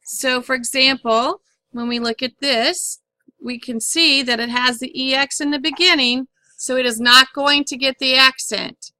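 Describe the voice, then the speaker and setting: Female teacher, patient and deliberate, bright and slightly high, dry close recording. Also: steady tone, no echo. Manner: slow, patient, enunciates words syllable by syllable. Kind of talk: classroom phonics lesson.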